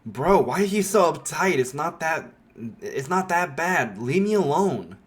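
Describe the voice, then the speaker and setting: A man's voice: on the high side, sing-song, measured pace, voice pushed up. A man doing rude, brash young Bakugo. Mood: dismissive. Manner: dismissive and rude.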